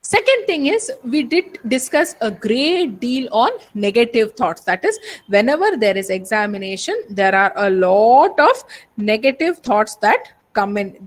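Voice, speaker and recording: A woman with an Indian English accent giving a webinar lecture to students, talking earnestly and directly to them, with a lot of repetition. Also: a little high. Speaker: webinar speaker on exam stress. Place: home or office, webinar. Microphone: computer mic on a video call.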